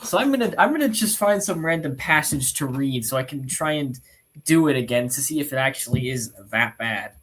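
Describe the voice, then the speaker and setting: A young man talking on a casual live stream, his voice sitting at an ordinary middle pitch. He rambles through his stories, restarting sentences as he goes. He laughs easily and often pokes fun at himself. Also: lively intonation, fairly quick, fairly bright tone. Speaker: robotics team streamer. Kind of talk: casual livestream chat.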